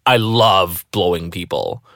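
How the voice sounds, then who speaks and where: A man's voice: sits low, slow, no echo, clean studio sound. A man in his thirties with a Malaysian accent, co-hosting a frank chat and telling stories with cheeky jokes. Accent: Malaysian English. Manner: cheeky, joking, animated storytelling. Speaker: podcast co-host.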